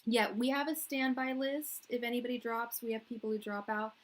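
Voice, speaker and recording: On a rough recording, a young English tarot reader talks to her live-stream viewers in a fairly high, fairly even voice at a fairly quick pace. She rambles easily and uses slang, often laughing between remarks.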